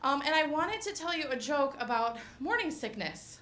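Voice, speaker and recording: A woman's voice: sits high, sing-song, moderate pace, fairly bright tone, a little hiss or hum. A young woman doing stand-up comedy, giggling and breaking off her own sentences with nervous laughs. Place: comedy club stage. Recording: roomy echo of a comedy stage.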